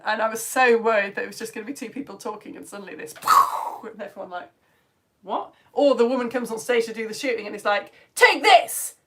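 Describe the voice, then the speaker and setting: Woman, bubbly live-stream teacher, fairly high voice, chatty with whispered asides, slightly strained throat. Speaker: online science teacher. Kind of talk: live-stream chat reading comments.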